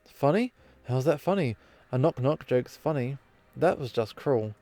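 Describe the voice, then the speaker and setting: A man's voice: medium pitch, lively intonation, measured pace, warm tone. A man voicing a touchy young female reindeer girl in a game reading, who swings between indignant and tearful. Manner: indignant, then tearful and babbling.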